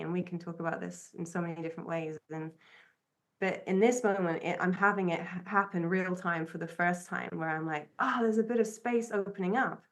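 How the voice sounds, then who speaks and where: Earnest reflective woman podcaster. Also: on the low side. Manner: earnest, searching, with frequent restarts. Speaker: podcast co-host. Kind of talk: reflective conversational storytelling.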